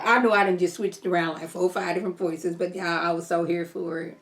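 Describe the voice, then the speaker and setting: A woman giving a casual, animated video recap of a TV episode, chatting directly to her viewers. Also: fairly low pitch, fast. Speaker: TV show reviewer.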